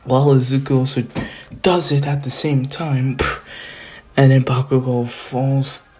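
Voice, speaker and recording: A man's voice: mid-range voice, flat delivery, dark tone. A man casually retelling a fan story, often laughing to himself and correcting himself. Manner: laughing often, restarts, slow drawl.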